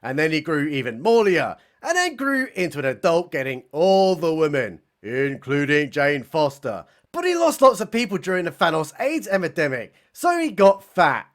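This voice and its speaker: A man's voice: a little high, fairly bright tone. A man recapping a film in a sarcastic, mocking comedy style. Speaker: film reviewer.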